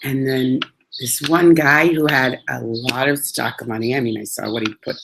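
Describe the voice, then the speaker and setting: A woman casually telling a personal story in an animated, chatty way, dropping in Hebrew religious words. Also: rumbling low, moderate pace, background noise.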